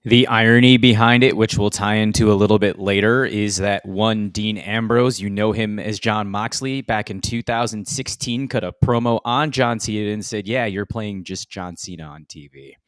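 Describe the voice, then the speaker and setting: A man co-hosting a podcast, giving matter-of-fact, measured takes in casual chat. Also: fairly low pitch, fairly bright tone, clear, resonant tone, no room sound, studio quality. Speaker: podcast co-host.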